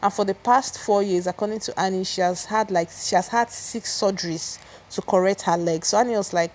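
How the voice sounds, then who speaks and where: A woman's voice: medium pitch, brisk, a little hiss or hum. A woman giving a chatty, opinionated gossip recap, often restarting her sentences. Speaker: celebrity gossip vlogger.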